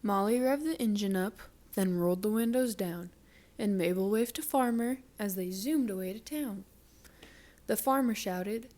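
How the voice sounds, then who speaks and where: A woman reading a children's picture book aloud, with slow, careful storytelling. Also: mid-range voice, dark tone. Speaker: storybook reader.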